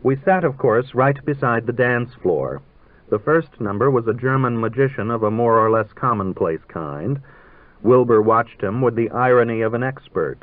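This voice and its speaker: A man narrating a literary story in a measured, dryly ironic way, heard on a tinny old radio broadcast. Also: mid-range voice, lively intonation, no echo.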